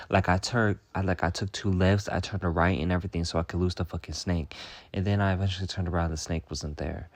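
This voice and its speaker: A man's voice: low voice, darkish tone. A young man hosting a comedic storytime monologue, sassy and profane, rambling with lots of "like" while answering viewer questions.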